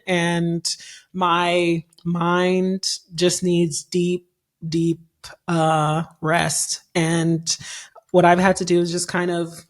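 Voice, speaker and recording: Woman in her thirties hosting a podcast. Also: on the low side. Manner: candid, chatty, frequent fillers and restarts. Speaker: podcast host and TV writer. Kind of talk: casual solo podcast advice. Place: recording while traveling abroad.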